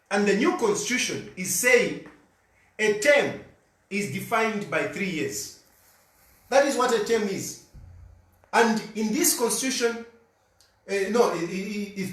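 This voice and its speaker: Zambian man, insistent political commentary, high voice, animated pitch, echoey room, a bit far from the mic. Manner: insistent, repeats points for emphasis. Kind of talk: argumentative monologue.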